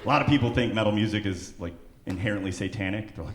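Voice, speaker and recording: A man performing a stand-up comedy set on a club stage who breaks into loud, shouted character voices. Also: on the low side, fast talker, slight background noise. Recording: echoey club with loud crowd. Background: audience laughter.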